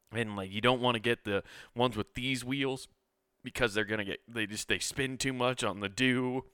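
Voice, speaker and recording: A man's voice: medium pitch, a bit bright, clean tone, dry recording, studio quality. A young man hosting a podcast, telling a casual, rambling story full of swearing and restarts. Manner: laid-back, profane, rambling with many restarts. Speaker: podcast host.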